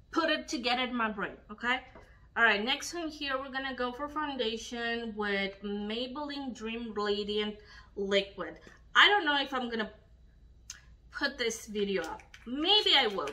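Young woman, beauty vlogger, from Romania; bright, fairly high voice; angry, profane rant over a makeup tutorial. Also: rough recording. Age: young adult. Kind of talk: ranting while doing makeup.

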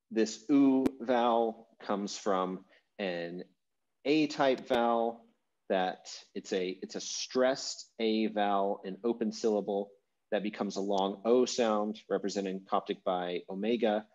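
A man teaching an online language class over a video call, talking in a relaxed, rambling way with fillers and restarts. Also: lowish voice, slow. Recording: dull lo-fi video call audio.

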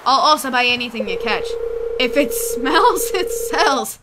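Woman doing old pirate fisherman, pirate accent, drawling sea talk, lively swoops, rain hiss behind. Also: sits high, unhurried. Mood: gruff.

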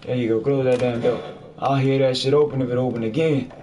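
A gamer with a medium-pitched, steady voice talks briskly through a horror game. His running commentary is crude and jokey, and he swears at everything he encounters. Faint background noise sits under the recording.

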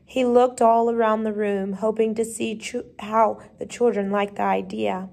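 A woman reading a children's chapter book aloud, giving the characters short lively voices, with the odd slip and restart. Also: medium pitch, measured pace, creaky. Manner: lively, brief changes of voice for the characters, occasional slips and restarts. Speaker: reader. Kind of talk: storybook read-aloud.

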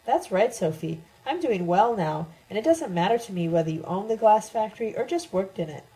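A woman's voice: medium pitch, expressive, a little fast, dark tone, close to an everyday voice, rough recording. A woman voicing a filthy, unkempt male hermit who talks in a vague, otherworldly, musing way, in an audiobook reading. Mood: dreamy.

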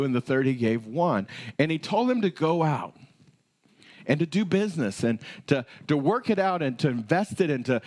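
A male pastor preaching in a relaxed, conversational way. His voice swings widely up and down as he tells a story. It sits a touch higher than most men's. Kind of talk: sermon.

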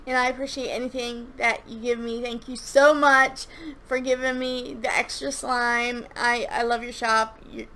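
This young slime reviewer and shop owner has a highish voice that sounds pushed and bright. Chatting casually through a product review, she rambles and gushes with frequent fillers and restarts.

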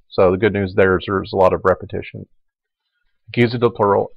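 Male Latin teacher, low voice, relaxed lecture delivery, dry recording. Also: brisk, gravelly, no echo, muffled recording. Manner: relaxed explaining, repeating forms aloud.

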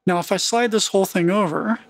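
A man teaching music production in a relaxed screen-recorded tutorial, humming rhythms to make his points. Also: high voice, brisk, dry recording.

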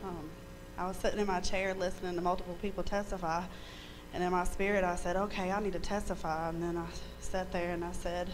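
A woman's voice: lowish voice, flat delivery, a little fast, noisy background. Candid woman giving a church testimony. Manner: candid and chatty, laughing often, mild cursing. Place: church service.

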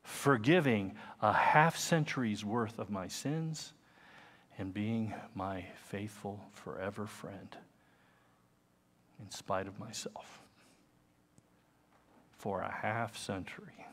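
A man's voice: on the low side, slow, fairly bright tone. A man in his fifties preaching a sermon as pastor, earnest and conversational, with personal asides. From United States. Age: 50s.

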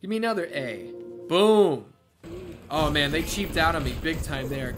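A man giving profane, excitable let's play commentary, talking back to the game as he plays. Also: a little high, unhurried. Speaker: gamer. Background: video game music and sounds.

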